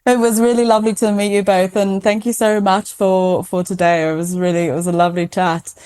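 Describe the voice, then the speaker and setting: A British woman, a guest founder, chatting in a relaxed interview over a remote call, a self-described talker. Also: mid-range voice, a little fast, clear, resonant tone. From United Kingdom. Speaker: guest, founder of an adult dyslexia organisation. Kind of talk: casual interview chat.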